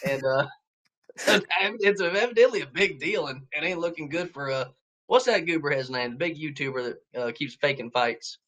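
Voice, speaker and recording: A man's voice: fairly high pitch, fairly bright tone. A man in his thirties from northeast Georgia with a Southern accent, a guest talking about his archery shop, easygoing and joking. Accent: Southern American. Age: 30s. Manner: easygoing, laid-back humor. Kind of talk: casual chat.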